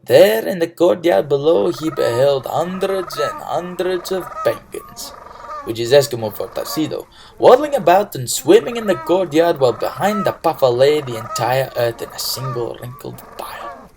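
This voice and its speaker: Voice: mid-range voice, animated, moderate pace, creaky, background noise. A storyteller giving a playful, comic reading of a folk tale, tossing in jokey asides and building to big exclamations. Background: music.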